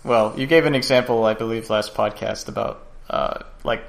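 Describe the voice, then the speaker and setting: A man's voice: lowish voice, normal speed, creaky. A man co-hosting a podcast, chatting casually and often stumbling over his words. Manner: stumbling, repeats words, trails off. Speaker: podcast co-host. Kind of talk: casual chat.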